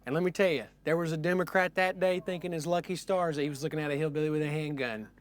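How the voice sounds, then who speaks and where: A man's voice: a little high, fast talker. A man telling tall tales casually, with lots of fillers, acting out the people in his stories. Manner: animated, acts out voices in his stories; frequent fillers like "like". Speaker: storyteller host.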